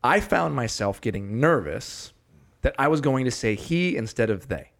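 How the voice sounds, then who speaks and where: A man's voice: medium pitch, animated, normal speed, vocal fry, no room sound, studio quality. A man hosting a podcast, talking in an earnest, effusive and self-reflective way. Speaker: podcast host.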